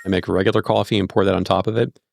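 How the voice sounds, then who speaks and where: A man's voice: sits low, little pitch movement, rapid-fire, creaky, loud music behind the voice. A man co-hosting a podcast, chatting casually with crude jokes. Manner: joking and crude. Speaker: podcast co-host. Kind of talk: casual chat.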